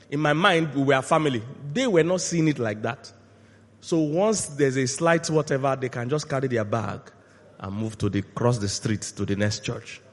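Preaching man in a reverberant hall. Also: on the high side. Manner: call-and-response questions to the congregation; swings from quiet asides to loud shouted peaks. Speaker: pastor. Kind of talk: sermon. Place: church hall.

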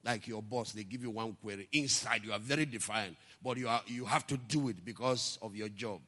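A male pastor preaching a sermon, telling stories and building to impassioned shouts. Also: fairly low pitch, a little fast, big-room sound.

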